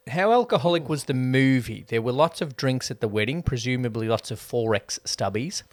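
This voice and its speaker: A man co-hosting a casual film review podcast, explaining his views in a measured, thorough way. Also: medium pitch, animated, dry recording. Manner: explains points at length, measured. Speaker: podcast co-host.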